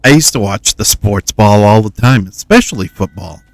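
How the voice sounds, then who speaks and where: A man's voice: fairly low pitch, animated, normal speed, vocal fry, dry recording. A man from the Midwest, chatting playfully while streaming a game and joking with his viewers. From Cincinnati, US Midwest. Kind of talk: casual gaming commentary.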